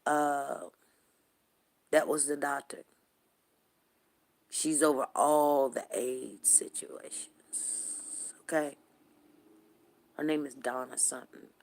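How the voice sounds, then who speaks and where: A middle-aged woman who hosts a show, telling a story to her viewers in a casual, colloquial and animated way. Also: extremely low pitch, slow, gravelly, long pauses. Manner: colloquial and animated, talks straight to the audience. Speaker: show host.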